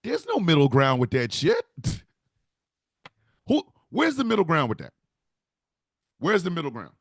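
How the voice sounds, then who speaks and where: Man doing a comedy riff, gravelly voice, lively swooping pitch, dry close sound. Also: unhurried, no room sound. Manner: animated, laughs through his riffs. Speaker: comedic host. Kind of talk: comedic monologue.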